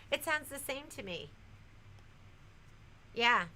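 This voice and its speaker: A bright, high-voiced woman chats her way through a livestream. She rambles loosely, trails off and picks back up as she answers viewer comments. Faint background hiss sits under her voice. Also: lively intonation, very slow, low-quality recording. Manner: chatty, trails off and restarts, reads viewer comments aloud. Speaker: livestream host. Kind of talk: casual livestream chat.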